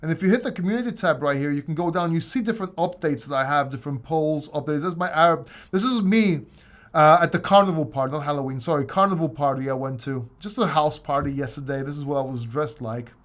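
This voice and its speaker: A man's voice: fairly high pitch, quick pace, fairly bright tone. A man hosting a casual crypto livestream Q&A, joking and laughing often as he rambles through viewer questions. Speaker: crypto channel host.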